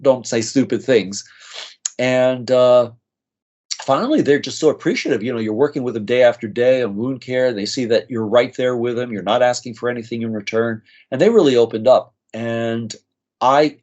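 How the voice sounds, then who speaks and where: A man's voice: mid-range voice, a little mellow. Man, nurse practitioner, earnest storytelling, mid-range voice, a bit muffled audio. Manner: earnest, emotional storytelling with many restarts. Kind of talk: storytelling in a podcast interview. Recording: slightly dull lo-fi audio.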